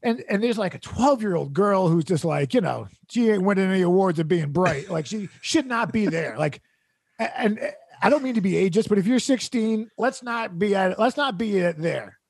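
A man's voice: sits high, lively intonation, moderate pace, vocal fry, darkish tone, no room sound, clean studio sound. A man hosting a comedy podcast, telling a rambling, exasperated story with laughs mixed into his sentences.

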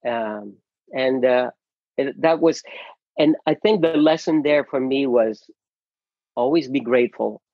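A man's voice: mid-range voice, a little slow, long pauses, no echo, highs cut off. A middle-aged man from the Philippines, an actor as interview guest, telling his story earnestly with many restarts and repeated words.

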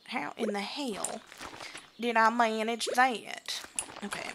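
A woman's voice: a little high, takes it slowly, over music. A young woman casually commenting on her farming game as she plays, chatty and self-mocking, singing and muttering to herself. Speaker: gaming streamer. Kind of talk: casual let's-play commentary.

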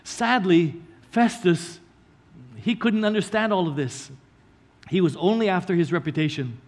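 A male pastor preaching a sermon, earnestly explaining scripture line by line and slowing down to stress key words. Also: high voice.

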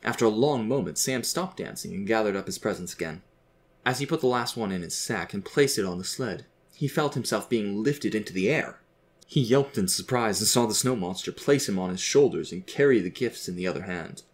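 Low-voiced male storyteller. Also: expressive, brisk. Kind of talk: scripted story narration.

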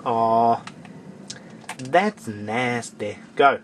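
A man's voice: medium pitch, extremely slow, a little hiss or hum. A young man doing gameplay commentary, grumbling in exasperation and scolding the enemies on screen. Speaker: let's play gamer.

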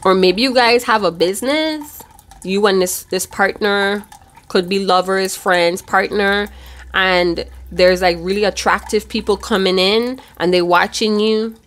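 A woman's voice: medium pitch, a little slow, a bit bright. A woman giving a casual tarot reading, chatty and loose, with casual swearing. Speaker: tarot reader.

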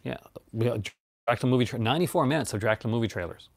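A man's voice: medium pitch, very fast, vocal fry, darkish tone, no room sound. A man hosting a casual, rambling chat about his movie collection, laughing often.

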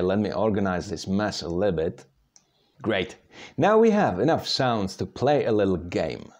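Slow, lively-pitched male language teacher. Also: lo-fi sound. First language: Czech. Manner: patient, demonstrating sounds aloud. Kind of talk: slow step-by-step pronunciation lesson.

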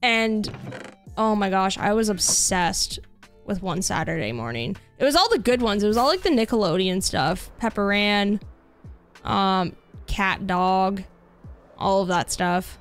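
A young Canadian woman streams a game and rambles to her viewers in casual chat, full of fillers. Her medium-pitched voice is animated and measured in pace. Faint music plays behind her.

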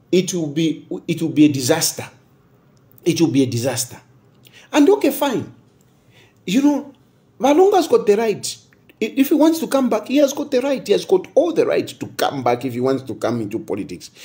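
Emphatic Zambian man, very lively pitch. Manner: emphatic, repeats phrases, switches between English and local languages; rhetorical questions. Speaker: political commentator. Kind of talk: impassioned political commentary.

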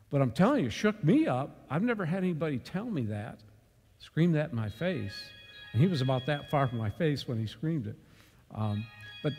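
A man leading a church Bible study, telling a story and then driving home a lesson with sudden loud bursts of emphasis. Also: a little high, in a large hall. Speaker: Bible class teacher. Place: church meeting room.

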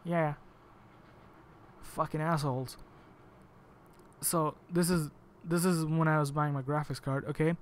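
A man's voice: on the high side, fairly even intonation, normal speed. Cursing, exasperated man ranting. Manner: profane and exasperated, swearing often. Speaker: vlogger. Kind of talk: angry rant to camera. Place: home.

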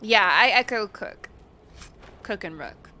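A woman commenting on a game while she plays, chatty and giggly as she greets her viewers. Her delivery is unhurried and drawn out. Her voice is bright and forward, with a faint hum of noise behind it. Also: medium pitch, expressive. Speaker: game streamer. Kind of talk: casual let's-play commentary.

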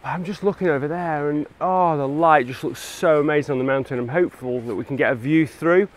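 English guy vlogging his hike, excited about the light, slightly high voice. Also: brisk, low-quality recording. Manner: enthusiastic, talks while hiking and shooting. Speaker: landscape photography vlogger. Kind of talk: casual outdoor vlog narration. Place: outdoors on a mountain by a river.

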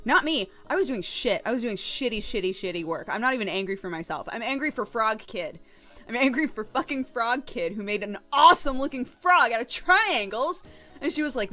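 Animated, foul-mouthed young woman streamer. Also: on the high side, brisk, soft background music. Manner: animated, profane, laughing often. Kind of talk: casual storytelling.

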